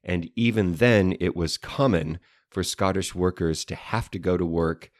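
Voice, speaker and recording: A man's voice: low-pitched, a little slow, darkish tone, no room sound, clean studio sound. A man co-hosting a casual chat show, playful and fond of fancy learned words. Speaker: podcast co-host.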